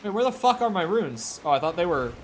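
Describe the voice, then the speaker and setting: A man's voice: high-pitched, sing-song, fast talker, noisy background. A man chatting casually with viewers during a live gaming stream, rambling and swearing freely. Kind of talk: casual live-stream chat while playing.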